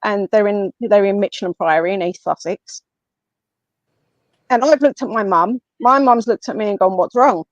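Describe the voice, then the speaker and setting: A woman with an English accent, a guest on a podcast, telling a personal story in a casual, animated way and acting out what others said. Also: mid-range voice, moderate pace, dry recording. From England. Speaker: guest, medium and paranormal investigator. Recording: slightly muffled, dry lo-fi audio.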